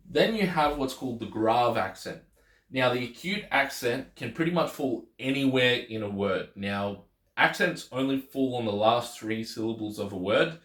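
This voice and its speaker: A man explaining a language lesson as a teacher, relaxed and conversational, often restarting his sentences. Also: medium pitch, reverberant. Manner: relaxed, repeats words and restarts while explaining. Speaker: Greek teacher.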